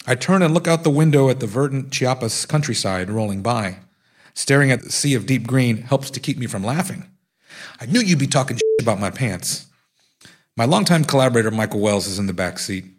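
Husky man reading his memoir. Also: mid-range voice, expressive, brisk. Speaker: author. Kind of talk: reading his own nonfiction aloud.

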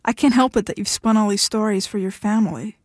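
A sharp, independent young woman with a curt, dismissive edge, as a woman narrator reads her. Her pitch is middling. The recording is dry and close. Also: quick pace, no echo, lightly acted.

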